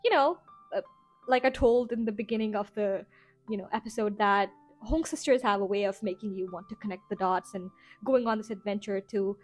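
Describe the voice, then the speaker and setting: A woman's voice: mid-range voice, a little fast, soft background music. A woman hosting a casual rambling review show, chatty and full of filler phrases. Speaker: podcast host.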